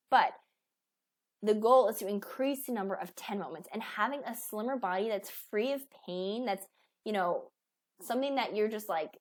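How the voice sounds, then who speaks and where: A woman in her thirties, a weight loss coach, giving a casual motivational talk full of fillers and restarts. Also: mid-range voice. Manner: chatty, with many fillers and restarts.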